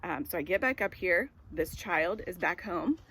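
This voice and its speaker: A woman in her forties with a fairly low voice gives a casual devotional talk. She rambles through a personal story, full of "um" and "like", in an easygoing, conversational way. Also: lively intonation, moderate pace, pushed and bright, husky. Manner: rambling, storytelling with filler words. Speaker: devotional speaker.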